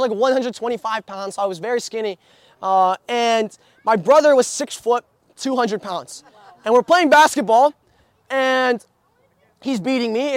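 A man's voice: very high voice, no room sound. A young man preaching a sermon, telling stories with many restarts and fillers. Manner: storytelling with frequent restarts and filler.

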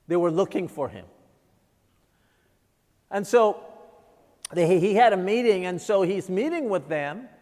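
A preacher with a high-pitched voice delivers his sermon slowly and emphatically, leaning on dramatic pauses. His words ring out with a long reverb, as if from a large church sanctuary. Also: expressive, a little mellow.

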